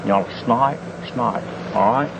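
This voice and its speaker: A man's voice: mid-range voice, slow pace, creaky, noisy background. A man playing a goofy wildlife-show host with mock bravado and folksy repeated "mate", in an amateur home-video parody recorded outdoors at night. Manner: folksy exaggerated showman talk, repeats "mate".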